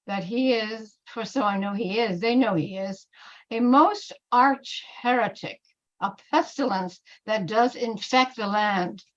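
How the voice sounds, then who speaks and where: A woman reading the part of a scheming male bishop in an amateur Shakespeare reading, with slow, deliberate verse delivery. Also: fairly high pitch, highs cut off. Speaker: reader in a play reading.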